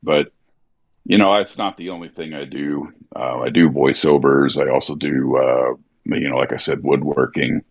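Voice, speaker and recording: A man from Missouri with a slightly Southern accent, an actor and voiceover artist chatting casually, relaxed and musing with lots of fillers. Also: extremely low pitch, moderate pace, vocal fry, lo-fi sound. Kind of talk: casual chat during a gaming stream.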